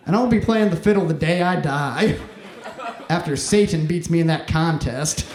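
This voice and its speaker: Young male stand-up comic from Mississippi, fairly high voice, wry deadpan, roomy club sound with faint noise. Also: moderate pace. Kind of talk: stand-up comedy set. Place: comedy club stage.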